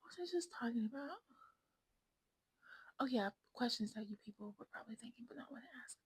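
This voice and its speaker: A woman's voice: fairly high pitch, animated, a little fast, slightly rough, no echo, low-quality recording. A woman in her twenties talking casually to her phone camera at home, rambling and frank, often dropping into a whisper. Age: 20s. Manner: rambling, self-absorbed, frank, slips into whispers. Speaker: vlogger. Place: at home indoors.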